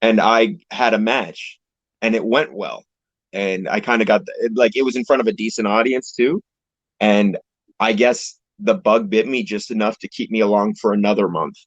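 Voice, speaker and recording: A man's voice: lowish voice, steady tone, moderate pace, no echo. A young man from Canada, a pro wrestler, chatting casually as an interview guest in a laid-back, rambling way with casual swearing, heard over a video call. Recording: dull lo-fi call audio, dry.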